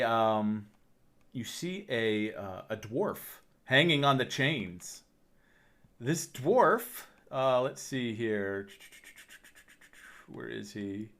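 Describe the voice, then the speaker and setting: A man narrating a tabletop game as game master, laughing often and pausing with fillers as he describes the scene. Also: medium pitch, fairly bright tone.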